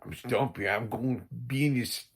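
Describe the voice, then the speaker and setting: A man putting on a high, exaggerated old-timer voice to imitate a goofy old Western sidekick. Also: moderate pace, slightly rough. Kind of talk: mock impression in casual chat.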